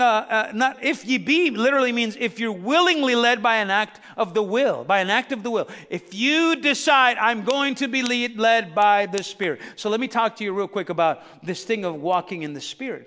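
A man preaching a sermon as pastor, building to shouts and calling on the congregation to answer back. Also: high voice. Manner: preaching with rising shouts and call-and-response. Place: church sanctuary. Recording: long reverb of a church hall.

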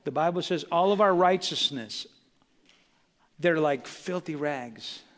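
A pastor preaches to his church, his voice bright and fairly high for a man. He swells and drops as he acts out the people he quotes. A long hall reverb trails every phrase. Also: slow. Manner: preaching with rising intensity and acted quotes. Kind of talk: sermon. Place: church sanctuary.

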